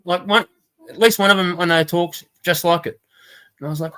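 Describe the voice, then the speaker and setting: A man's voice: high voice, fairly even intonation, a little fast, sharp tone. A man hosting a casual livestream chat, rambling, swearing and laughing often. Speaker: stream host.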